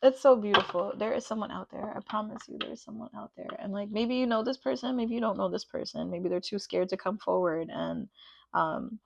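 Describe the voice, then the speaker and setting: A woman's voice: mid-range voice, brisk, gravelly, muffled recording, slight background noise. A woman giving a pick-a-card tarot reading, gushing and emotional and full of "like" fillers. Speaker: tarot reader.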